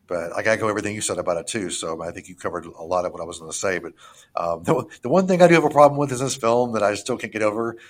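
A man hosting a casual podcast about films, talking in an excitable, profane, rambling way full of restarts. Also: lowish voice, very fast. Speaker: podcast host reviewing films. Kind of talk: casual chat.

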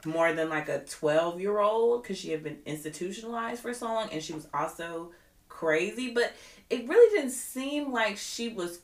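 A woman co-hosts a podcast, chatting casually in a mid-range voice at a moderate pace, and the room sounds reverberant. She's animated and opinionated, often quoting what others have said.

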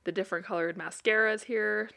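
Woman podcast co-host, mid pitch, casual and easygoing, a ready laugh. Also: fairly even intonation, brisk, gravelly, sharp tone. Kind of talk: casual chat.

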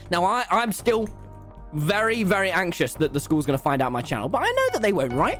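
Over music, a fast-talking young gaming streamer tells his chat a dramatic story from school while he plays. He's excitable and theatrical, with big swings in pitch.

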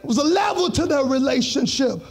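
A man's voice: very high-pitched, lively intonation, a little fast, creaky, a crowd in the background. A male pastor preaching a sermon with a musical, sing-song delivery, repeating phrases for emphasis. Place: church streamed online.

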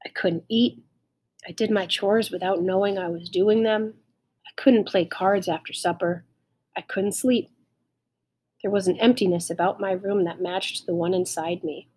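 A woman reading a children's novel aloud, tender and expressive. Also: medium pitch, slightly rough. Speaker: audiobook reader. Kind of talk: audiobook narration.

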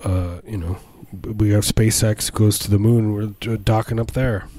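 A man's voice: on the low side, fairly even intonation, normal speed, dark tone. A man co-hosting a comedy radio chat, rambling through absurd, giggly riffs. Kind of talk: joking casual banter.

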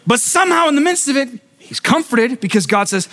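A man pastor preaching a sermon, telling a story with lively acted-out voices and frequent restarts. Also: extremely high pitch, brisk. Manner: animated storytelling, acting out voices; repeats words when starting thoughts.

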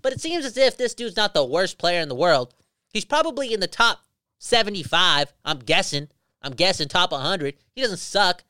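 A man with a high, bright voice, ranting with brash, profane humor in casual podcast chat. He gets excitable and jokey as he talks. The sound is dry and close to the mic. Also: normal speed, clear, resonant tone, no echo. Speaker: podcast co-host.

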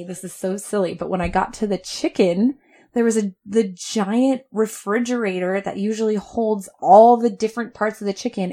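Animated woman telling a story. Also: medium pitch. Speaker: podcast co-host. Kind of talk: casual chat.

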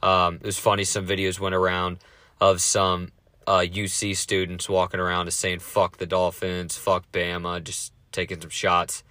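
Deep-voiced dude ranting about football, swears a lot, talks fast, dry close mic. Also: male voice, monotone, bright, forceful tone, no echo. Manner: fast, profane, rambling. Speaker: sports podcast host. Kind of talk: casual sports talk.

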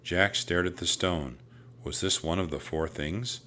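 Deep, slow-paced man reading a storybook. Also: a little hiss or hum. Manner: steady, even storytelling. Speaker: narrator. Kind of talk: storybook read-aloud.

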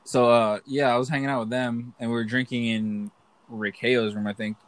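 In a dry recording, a young soldier chats casually, rambling and cursing through funny stories and laughing often. His voice is mid-range with a level tone at normal speed.

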